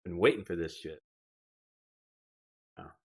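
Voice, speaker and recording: A man's voice: low-pitched, lively intonation, a little slow, slightly rough. A young man chatting casually with his viewers on a live stream, rambling and reading out their comments from a desk mic in his home gaming setup. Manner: rambling, talks to chat and reads out comments. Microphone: desk microphone.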